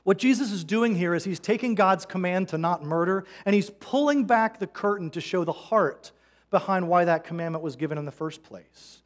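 Brief Male pastor, fairly high voice, earnest, conversational sermon delivery. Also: moderate pace. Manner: earnest, conversational preaching with quoted scripture. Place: church sanctuary.

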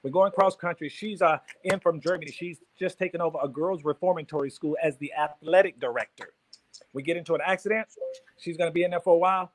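A man in his fifties, a guest actor, telling a story in an animated, profane way, laughing as he goes. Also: on the high side, fast, poor audio. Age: 50s.

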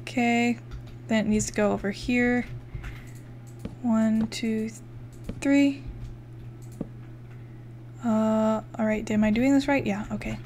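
A woman's voice: a little high, fairly even intonation, takes it slowly, long pauses, darkish tone, slight background noise. A young woman giving casual let's-play commentary, chatting, swearing freely and counting blocks aloud as she builds. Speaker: gaming YouTuber.

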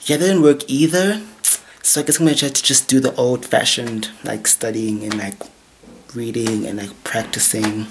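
A man's voice: mid-range voice, fairly even intonation, normal speed, noisy background. A young man chatting playfully in a casual home vlog, with lots of asides and fillers. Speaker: vlogger. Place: room at home.

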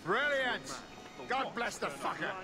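An actor playing a bitter, drunken colonial governor, scornful and sarcastic in a video game. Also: male voice, high voice, very animated, measured pace, loud music behind the voice. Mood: mocking. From England. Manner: sarcastic, toasting loudly with scorn. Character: bitter drunken sacked colonial governor, middle-aged man.

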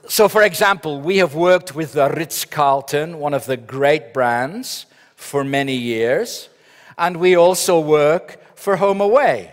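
Middle-aged guy doing a funny keynote, kinda high voice, big hall echo. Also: slow pace. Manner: joking, storytelling with punchlines. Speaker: keynote speaker. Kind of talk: humorous conference keynote. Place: large conference hall. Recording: long reverb of a large hall.

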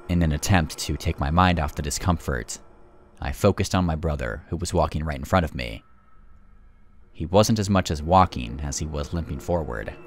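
Very low male voice for a grim, steady first-person horror read. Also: a little hiss or hum. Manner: grim, measured storytelling. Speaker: horror story narrator.

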